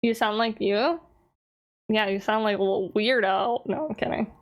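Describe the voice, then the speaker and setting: A woman's voice: medium pitch, moderate pace. A woman streamer chatting casually on a live stream, teasing and answering her chat with frequent laughs.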